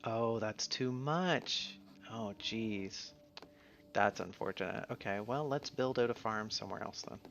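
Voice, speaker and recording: A man streaming a game in a relaxed, casual way, musing to himself as he plays. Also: lowish voice, measured pace, gravelly. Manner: easygoing, mumbles to himself while playing. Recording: slightly dull sound, faint music behind.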